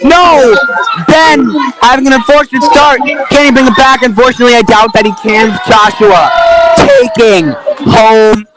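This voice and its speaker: A young man commentating a live race event, excitable, with calls that build into rapid repetition. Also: very high-pitched, loud music behind the voice. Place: indoor room with a chanting crowd. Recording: noisy room with cheering crowd.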